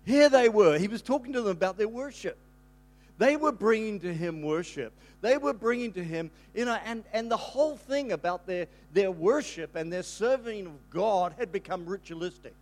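Older male pastor, high-pitched, animated storyteller who rambles and restarts, with sudden shouted bursts. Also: moderate pace. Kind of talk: storytelling sermon.

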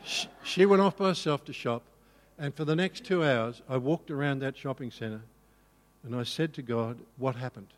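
Animated male pastor in a reverberant hall. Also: mid-range voice, moderate pace. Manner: animated, self-mocking storyteller. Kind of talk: storytelling sermon.

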